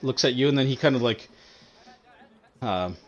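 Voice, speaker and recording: A man narrating as game master of a tabletop game, talking in halting bursts full of fillers. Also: mid-range voice, lo-fi sound.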